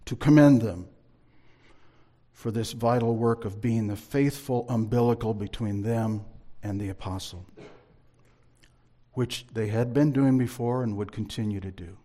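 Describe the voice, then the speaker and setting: A man teaching a Bible lesson in a sermon style, measured and emphatic, reading scripture aloud between explanations. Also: fairly low pitch, warm tone.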